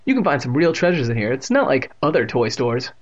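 A man's voice: medium pitch, very animated, brisk. A man voicing a bold, chatty young girl in a read-aloud story. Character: bold young girl who likes old things. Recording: muffled lo-fi recording.

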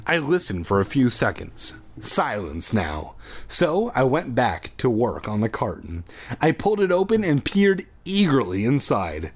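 A man's voice: medium pitch, sing-song, moderate pace. A man hosting a podcast, reading a spooky children's book aloud with irreverent, profane comic asides.

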